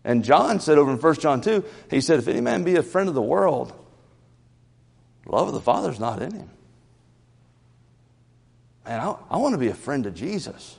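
A man preaching a sermon in a church, lively, often repeating and stumbling over his first words. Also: a little high, normal speed, gravelly, long pauses, slightly rough. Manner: animated, repeats words, stammers at starts. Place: church sanctuary. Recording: reverberant church hall.

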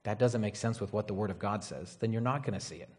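A man's voice: on the low side, quick pace, darkish tone. Male preacher, conversational sermon delivery, rambling, keeps asking the room "right?". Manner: casual, rambling, frequent "right?" and "you know".

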